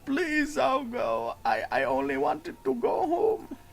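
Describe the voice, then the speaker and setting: A small, frightened kobold, as a man puts it on, begging in a squeaky, high voice. It sounds timid and desperate, raised well above a normal speaking pitch. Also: lively intonation, unhurried, a bit bright, exaggerated voice. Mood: pleading. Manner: squeaky, pleading.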